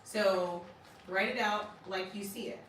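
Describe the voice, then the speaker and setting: A woman teaching a small class in a classroom, chatty and quick to laugh, often checking "right?" with her students. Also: medium pitch, steady tone, a bit bright, a little hiss or hum. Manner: casual, laughs often, asks "right?" a lot. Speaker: language teacher. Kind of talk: classroom lesson. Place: classroom with a board. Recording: echoey room, recorded from far off.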